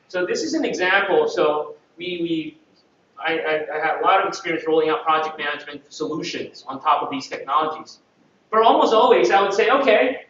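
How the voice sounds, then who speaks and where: A man's voice: on the high side, a bit bright, a little hiss or hum. A man from the Philippines giving a playful conference talk to an audience, often checking that they follow him. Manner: playful, audience-engaging, acts out quotes. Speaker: conference presenter. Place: large conference room. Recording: echoey room, distant and dull mic.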